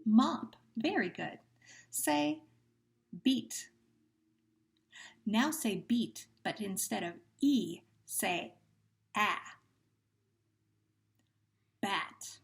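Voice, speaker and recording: An expressive woman teacher with some vocal fry talks very slowly, lengthening each word for young children in a phonemic awareness lesson. Her voice sits at an ordinary female pitch, and she leads the sound drills patiently with gentle encouragement.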